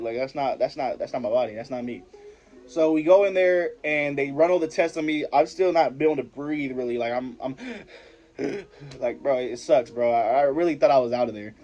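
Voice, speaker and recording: A man's voice: on the high side, darkish tone, dull audio. A young man vlogger telling a personal story in a rambling, profane, slangy way, often stopping and restarting his sentences. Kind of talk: casual storytelling to camera.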